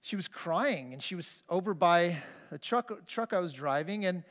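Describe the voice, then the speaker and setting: At a moderate pace, a man with a high-pitched, slightly bright, animated voice preaches as pastor in a church sanctuary. His conversational sermon is earnest and full of personal stories and restarts, all carried by the hall's long reverb.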